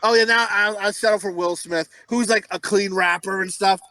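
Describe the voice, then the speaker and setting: A man's voice: high voice, fairly even intonation, normal speed, pushed and bright, no echo. A man co-hosting a comedy podcast, rambling through crude stories in casual chat and laughing often. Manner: rambling, profane, laughs a lot. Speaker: podcast co-host.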